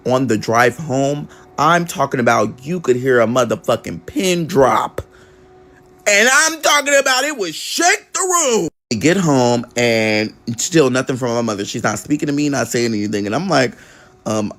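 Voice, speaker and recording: A man's voice: medium pitch, very animated, normal speed, fairly bright tone. A man telling a personal story in a casual vlog, candid and conversational with frequent swearing.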